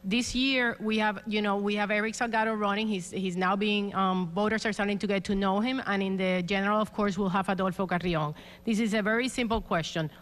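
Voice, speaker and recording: A woman's voice: mid-range voice, fairly even intonation, fairly quick, few pauses. A woman on a debate panel, asking the candidates a question in a conversational way. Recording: reverberant hall.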